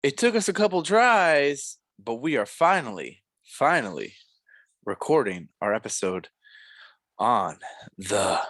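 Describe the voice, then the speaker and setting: A man's voice: on the high side, big pitch swings, measured pace, a bit bright, no echo. Rambling young man reviewing a film. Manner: rambling, filler-heavy, self-correcting. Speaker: podcast co-host. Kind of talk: casual film review chat.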